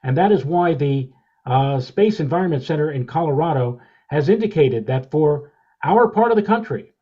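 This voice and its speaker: A man co-hosting a weather podcast, explaining a space image step by step in a measured way. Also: fairly high pitch, animated, muffled recording. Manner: measured, explanatory, with many uh fillers. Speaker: podcast co-host, meteorologist.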